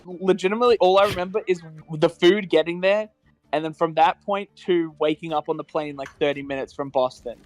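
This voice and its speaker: High-voiced young man telling a story. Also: fairly even intonation, a little fast, no echo. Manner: rambling anecdotal storytelling. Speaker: podcast co-host. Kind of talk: casual chat among friends.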